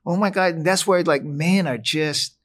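A middle-aged man with a slightly raised speaking pitch talks as a podcast guest. He tells his stories earnestly and candidly, slipping into quoted voices and laughing asides. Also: normal speed, fairly bright tone, slight background noise. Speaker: podcast guest, restaurant founder. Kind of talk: candid conversation.

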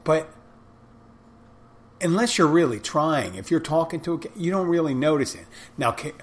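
A man's voice: fairly high pitch, expressive, normal speed. A man talking casually on his own, rambling with restarts and asides, blunt and sometimes swearing. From United States. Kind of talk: casual monologue.

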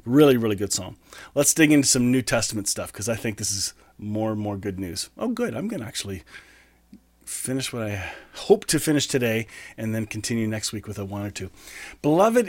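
A man preaching a conversational sermon as a pastor, reading scripture slowly and earnestly and then explaining it in a casual way. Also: mid-range voice, dry recording.

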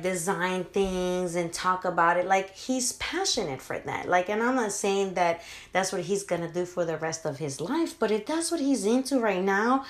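A chatty, heartfelt woman in her thirties hosts a motivational podcast. Her voice sits fairly low and rings with room echo. Her talk is loose and full of filler words. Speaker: podcast host. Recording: roomy echo.

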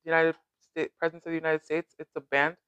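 A brash, teasing podcast host from Canada who swears freely in loose, casual chat. The voice sits at an ordinary middle pitch and sounds dry and close, with no room around it. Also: level tone, fast, sharp tone, clean tone, dry recording, dull audio.

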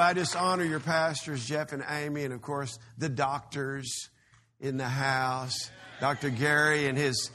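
A man with a Texan accent preaching a live sermon as a guest preacher, folksy and chatty, now and then bursting into loud exclamations. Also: medium pitch, fairly even intonation, measured pace, crowd noise, background noise.

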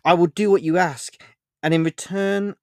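A man reading a short story aloud, voicing a mysterious, sincere man in black who speaks in a calm, assured, gently insistent way. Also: sits high, moderate pace, dry recording, clean studio sound, pitched above the performer's own voice, natural voice.

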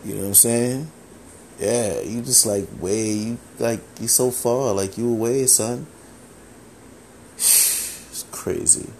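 A man hosting a solo podcast, talking casually, animated and profane, with lots of filler phrases. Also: mid-range voice, measured pace, slight background noise. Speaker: podcast host.

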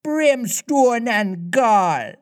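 A man's voice: very high-pitched, lively intonation, drawn-out words, voice pushed up, heavily acted. A man reading aloud voices a mischievous boy who mockingly imitates a pirate captain, playful and taunting.

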